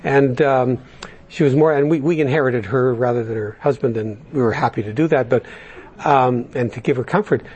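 A man's voice: mid-range voice, darkish tone, dull audio, slight background noise. A man from Canada giving a personal recovery testimony in an earnest, confessional way, often stopping to restart and repeat words. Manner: halting, with frequent restarts and stammered repeats. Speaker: speaker sharing a recovery story.

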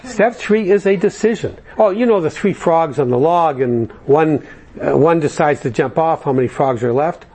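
Here a man with a slightly high, somewhat mellow voice addresses a recovery group at a moderate pace. He's a jokey, conversational storyteller who leans on fillers as he spins his anecdotes.

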